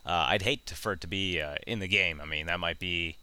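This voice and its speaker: Man, gaming podcast host, very low pitch, very bright and smooth voice, chatty with lots of fillers. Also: a little fast. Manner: chatty, laughs often, many fillers. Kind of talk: casual chat.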